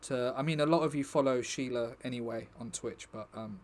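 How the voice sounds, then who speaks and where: A man's voice: mid-range voice, normal speed. A young man chatting casually to his stream viewers, rambling and joking with the chat.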